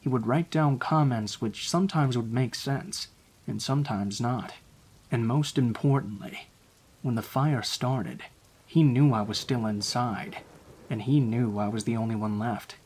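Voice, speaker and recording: A man narrating true horror stories in a calm, low-key scripted reading. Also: unhurried, slightly rough.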